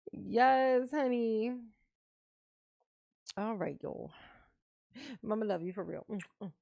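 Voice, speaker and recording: A woman's voice: medium pitch, animated, takes it slowly, creaky, long pauses, mellow, no room sound, lo-fi sound. A woman hosting her channel, chatting casually and playfully with her viewers and calling herself Mama. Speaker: channel host. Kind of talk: casual livestream sign-off chat.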